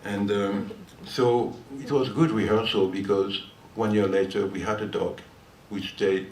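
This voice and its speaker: An older man from France, a guitarist with a French accent, tells a long, wandering anecdote between songs, chatting and laughing often. His fairly low voice is darkish, a little slow, with fairly even intonation. The listening-hall recording, with a live audience, is roomy and distant, with faint noise.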